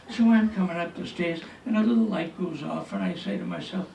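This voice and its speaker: A man's voice: high voice, moderate pace, creaky, few pauses, dark tone. A man telling a folksy comic story to an audience at a senior center, with a chatty, punchline-driven delivery. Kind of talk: stand-up storytelling. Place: senior center hall with a tall ceiling. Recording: echoey hall, distant mic, faint noise.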